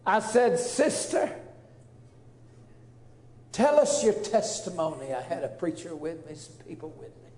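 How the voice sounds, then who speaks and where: High-voiced preacher, roomy echo. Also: male voice, sing-song, a little slow, pauses often, a little mellow. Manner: earnest, emotional preacher storytelling. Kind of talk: storytelling testimony.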